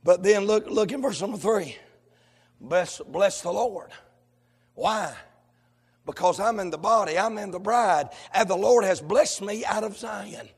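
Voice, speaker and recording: A male pastor, preaching a sermon that swings from shouted, sung lines to low conversational talk. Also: a little slow, gravelly, husky. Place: church sanctuary. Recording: long hall reverb.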